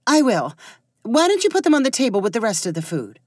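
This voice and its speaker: A woman voicing an eager hostess who smooths over awkward moments and loves gossip. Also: on the high side, big pitch swings, fast, darkish tone, dry recording, studio quality, pitched above the performer's own voice. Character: fussy hostess woman, nosy and peacemaking.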